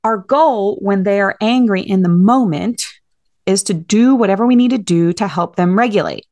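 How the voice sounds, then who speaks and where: A woman's voice: medium pitch, moderate pace, a little mellow, dry recording, clean studio sound. A woman hosting a podcast, giving earnest, direct parenting advice in a coaching tone. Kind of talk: advice monologue.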